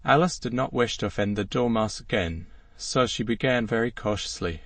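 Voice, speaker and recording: Guy reading a storybook aloud, even pace, dry, bit far from mic. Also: medium pitch, normal speed, few pauses, dry recording. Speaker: narrator. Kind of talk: audiobook narration.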